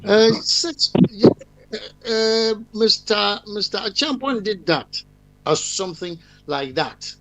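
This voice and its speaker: An older man with a Ghanaian accent tells rambling stories, full of fillers and restarts. His voice sits high for a man, and the recording is close and dry. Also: slow pace, fairly bright tone, dry recording, poor audio. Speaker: guest. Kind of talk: live-stream discussion.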